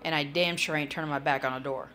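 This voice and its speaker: Bright-voiced tired woman live-streaming. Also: deep voice, steady tone, fast, a little hiss or hum. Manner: rambling, talks to chat viewers by name. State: tired, yawning. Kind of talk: casual live-stream chat.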